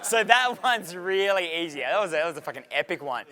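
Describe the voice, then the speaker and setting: A man's voice: sits high, expressive, fast talker, a crowd in the background. A young man running a dating seminar Q&A, brash and profane, laughing often. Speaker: dating coach. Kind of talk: live seminar Q&A.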